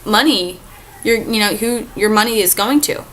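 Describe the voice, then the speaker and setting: A woman's voice: mid-range voice, normal speed, fairly bright tone, a little hiss or hum, rough recording. Chatty young woman vlogging. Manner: chatty, rambling with many fillers. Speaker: vlog host. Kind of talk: casual travel vlog chat.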